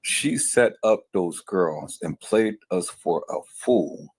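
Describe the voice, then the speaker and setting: A man's voice: low voice, animated, slow, breathy edge, no echo. A man hosting a livestream, talking angrily to his viewers in a heated commentary full of repeated words and exasperation. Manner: furious, repeats himself, addresses viewers as peoples. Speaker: livestream host.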